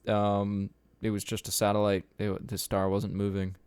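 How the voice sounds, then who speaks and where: A man's voice: on the low side, completely flat delivery, normal speed, a little mellow, smooth, dry recording. A young man hosting a podcast, telling a long rambling story casually, swearing often and laughing at himself. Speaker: podcast host.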